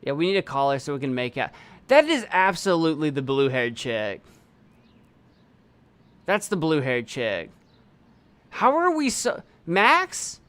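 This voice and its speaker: A man streaming a game, chatting excitably and breaking into loud, incredulous exclamations. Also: medium pitch, normal speed, long pauses, smooth. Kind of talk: let's play commentary.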